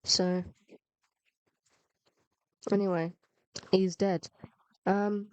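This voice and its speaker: A woman's voice: medium pitch, measured pace, pauses often, darkish tone, no echo. A woman narrates her gameplay in a dry, close recording, her voice sitting in an ordinary middle register. She is under the weather with a cold, and she rambles along, poking fun at herself as she plays. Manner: self-mocking and rambling. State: unwell with a cold. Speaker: gaming video narrator. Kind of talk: casual gameplay commentary.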